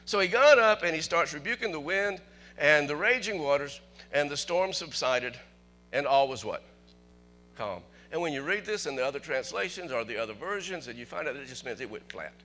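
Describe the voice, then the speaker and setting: A man preaching a sermon as pastor, animated, asking the congregation questions and chuckling often. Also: a little high, fairly quick, faint music behind.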